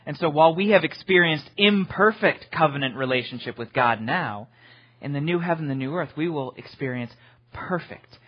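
A man preaching an earnest sermon who swings from hushed to emphatic and repeats words as he builds. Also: medium pitch, breathy edge, muffled recording. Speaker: pastor.

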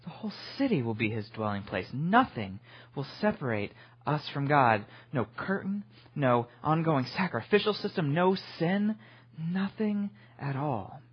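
A man preaching an earnest sermon who swings from hushed to emphatic and repeats words as he builds. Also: a little high, very animated, unhurried, breathy edge, lo-fi sound. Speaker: pastor.

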